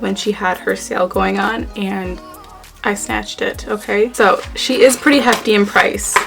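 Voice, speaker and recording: A woman's voice: medium pitch, gravelly, rough recording. A young woman chatting casually through a makeup tutorial, playful and talking to herself as she works. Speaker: beauty YouTuber.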